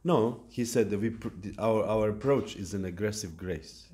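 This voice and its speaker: A man giving a devotional lecture at a temple, speaking in a halting way with fillers and restarts. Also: on the low side, darkish tone. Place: temple hall.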